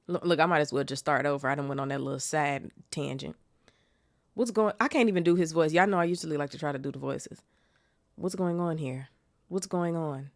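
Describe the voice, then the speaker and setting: Low creaky-voiced woman reading aloud. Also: fairly quick, no echo, studio quality. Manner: chatty and slangy. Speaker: podcast host. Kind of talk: casual book reaction and reading aloud.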